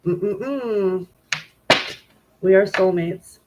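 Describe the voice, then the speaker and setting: A woman's voice: medium pitch, very slow, dull audio, background noise. Tearful woman tarot reader. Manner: emotional, talks directly to viewers. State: tearful, grieving. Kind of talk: live tarot reading stream.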